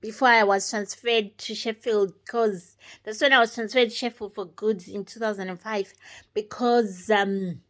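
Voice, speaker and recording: A woman giving an unscripted personal testimony, retelling events step by step in a halting way. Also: medium pitch, steady tone. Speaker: testimony speaker.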